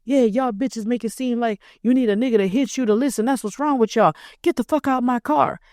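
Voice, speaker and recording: A woman's voice: fairly high pitch, a little fast, a little mellow, no echo, clean studio sound, pitched above the performer's own voice, natural voice. A woman voicing a crude, angry young man who hurls contemptuous insults. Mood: hostile. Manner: coarse, contemptuous outburst.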